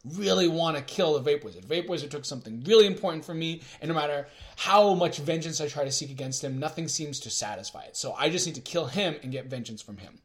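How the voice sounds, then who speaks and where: A man's voice: a little high, animated, quick pace, few pauses. A man doing a vengeful, boastful killer. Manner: boastful, blunt. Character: vengeful ruthless male killer.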